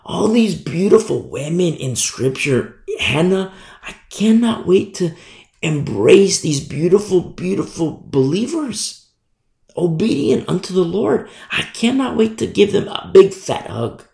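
Man preaching a sermon, fervent and emphatic, gravelly, fairly high voice, roomy echo. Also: a little mellow. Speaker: Bible teacher.

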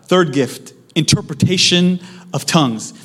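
A young man preaching a sermon to his church, conversational and joking, with sudden loud emphasis. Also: fairly high pitch, unhurried, breathy edge. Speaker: pastor. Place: church hall.

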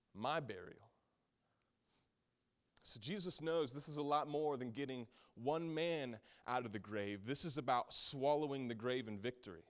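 A man preaching a sermon, telling a Bible story in a casual, animated way and often saying "like". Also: mid-range voice, a little slow.

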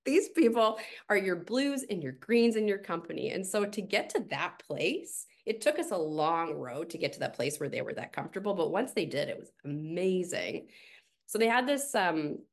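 A middle-aged woman speaks as a podcast guest, relaxed and conversational. Her voice sits a little low and has a gravelly edge. She tells stories in an animated way and drops in casual fillers as she goes. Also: moderate pace. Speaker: podcast guest, team coach.

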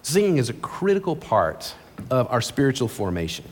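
A male pastor preaching an earnest, conversational sermon from a church stage, with quick asides. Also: mid-range voice, wildly swooping pitch, a little mellow, a little hiss or hum. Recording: long reverb of a large hall.

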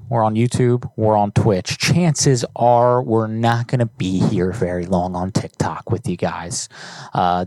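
A man's voice: lowish voice, a little mellow, no room sound. A man hosting a live-streamed prank call show, chatting loosely with lots of swearing and fillers. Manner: loose, profane, rambling with fillers. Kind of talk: casual live-stream chat.

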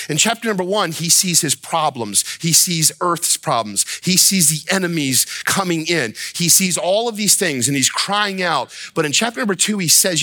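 A male pastor preaching a sermon with strong emphasis. He slows down and drops his voice to read scripture, then rises close to shouting when he acts out the prophet's complaints. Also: on the high side, no room sound.

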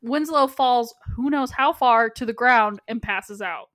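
A woman's voice: a little high, unhurried, fairly bright tone, no room sound. A woman co-hosting a casual film podcast, retelling scenes in a chatty way with lots of fillers. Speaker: podcast co-host. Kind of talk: casual chat recapping a film.

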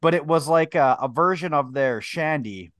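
A man's voice: fairly high pitch, normal speed, fairly bright tone, no echo, clean studio sound. A man co-hosting a podcast, chatting casually, joking and rambling as he reads drink labels aloud. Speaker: podcast co-host. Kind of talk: casual chat.

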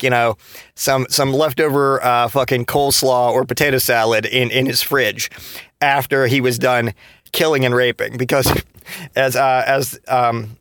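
Hombre de treinta y tantos, relato informal y malhablado. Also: male voice, mid-range voice, fairly bright tone, dry recording, studio quality. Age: 30s. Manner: rambling, profane, with many restarts and fillers. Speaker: podcast host. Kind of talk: casual storytelling monologue.

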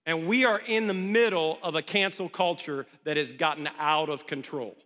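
A pastor giving a conversational sermon, often asking the congregation questions. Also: male voice, on the high side, moderate pace, a bit bright. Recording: long hall reverb.

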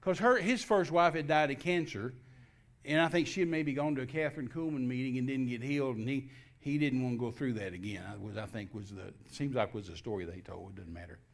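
A man's voice: mid-range voice, a little fast, gravelly. Older man telling a story. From Texas. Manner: folksy, repetitive restarts, animated quoting of dialogue. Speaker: guest minister. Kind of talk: personal testimony storytelling.

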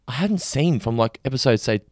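A man's voice: medium pitch, expressive, fairly quick, a little mellow, dry recording, studio quality. A man co-hosting a casual podcast, enthusiastic and casually swearing. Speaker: podcast co-host.

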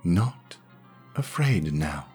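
A man voicing a strange feline alien woman who speaks in soft, broken, halting phrases. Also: lowish voice, big pitch swings, slightly rough, soft background music, full character voice. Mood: hushed halting. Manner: broken halting speech, hushed.

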